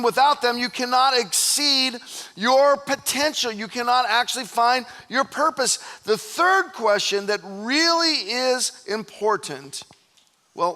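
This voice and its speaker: A man's voice: extremely high pitch, bright, forceful tone. A man preaching a sermon as pastor, joking and talking conversationally to the congregation. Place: church stage before a live congregation.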